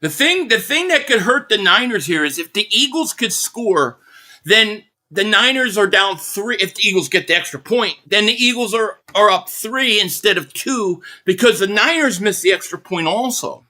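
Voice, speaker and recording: With a high-pitched voice at a moderate pace, this man from around Philadelphia hosts a live football reaction stream. He reacts to plays as an excitable fan and reads out the super chats viewers donate.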